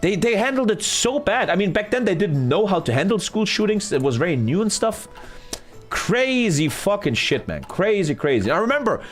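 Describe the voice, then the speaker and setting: A man tells a story on a live gaming stream. His voice sits fairly high and swoops up and down as he talks. He swears casually and acts out what others said, with faint game music underneath. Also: normal speed. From Germany. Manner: animated, profane, retelling with acted-out quotes.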